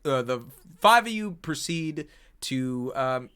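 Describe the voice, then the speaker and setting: A man narrating as game master of a tabletop game, energetic and rambling with frequent fillers. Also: medium pitch, takes it slowly, clear, resonant tone. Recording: online stream.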